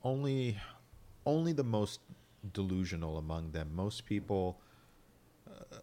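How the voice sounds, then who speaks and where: A man co-hosting a casual podcast chat, explaining things in a measured, wry way. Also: deep voice, a little mellow. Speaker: podcast co-host.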